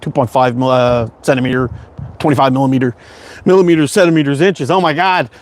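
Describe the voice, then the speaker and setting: Talking at a quick pace with fairly even intonation, this middle-aged Canadian slingshot streamer chats loosely with his audience, cursing without restraint and laughing frequently. His pitch is mid-range.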